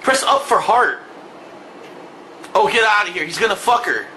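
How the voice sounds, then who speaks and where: Excitable, crude male game commentator. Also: high-pitched, moderate pace, a little hiss or hum. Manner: loud, excitable, crude and mocking. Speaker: gameplay commentator. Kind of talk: crude live gameplay commentary.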